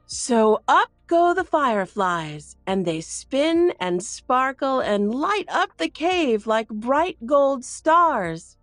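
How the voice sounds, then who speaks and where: A woman reading a children's picture book aloud in an expressive way. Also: no echo, clean studio sound, soft background music. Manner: expressive and slow, very lively pitch. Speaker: read-aloud narrator.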